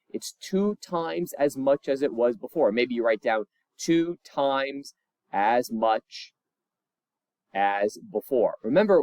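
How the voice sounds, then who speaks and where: A man's voice: on the high side, dry recording. A male physics teacher talking through homework solutions in a chatty, encouraging way, recorded at his computer. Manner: lively, chatty and encouraging, with asides.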